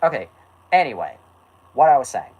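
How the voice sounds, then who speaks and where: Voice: medium pitch, big pitch swings, normal speed, a little mellow, slightly rough, poor audio. A host reading an old story aloud as a joke, with laughs and self-mocking asides. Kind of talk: comic read-aloud with asides.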